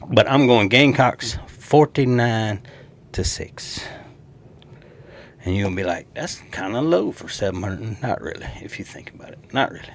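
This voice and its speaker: A man with a Southern accent, hosting a casual football prediction show and talking to viewers in an animated, joking way. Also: on the low side, moderate pace. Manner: animated, jokey, talks straight to viewers. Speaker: sports show host. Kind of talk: casual sports prediction talk.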